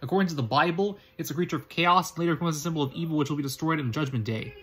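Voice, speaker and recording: A man's voice: fairly high pitch, racing, close to an everyday voice. A man reading the lines of an amused, self-assured older teen wizard in a storybook, with a knowing tone.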